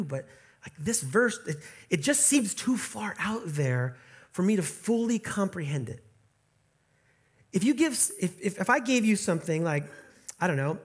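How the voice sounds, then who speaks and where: Earnest high-voiced male preacher. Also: fairly bright tone. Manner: earnest, repeats and restarts words, slows for scripture. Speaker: pastor. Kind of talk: sermon.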